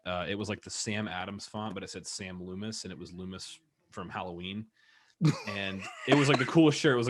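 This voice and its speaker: A man's voice: deep voice, fairly bright tone, no echo. A man in casual podcast chat, telling long rambling stories full of fillers and swearing. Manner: rambling, profane storytelling with many fillers.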